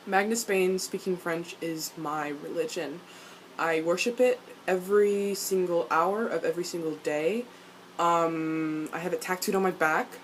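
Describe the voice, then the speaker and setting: A woman ranting as a vlogger about a TV episode, swearing a lot and jumping up in pitch and loudness. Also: normal speed, a little hiss or hum, rough recording. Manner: excited, swears often, jumps up in pitch and loudness. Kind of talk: fan reaction rant.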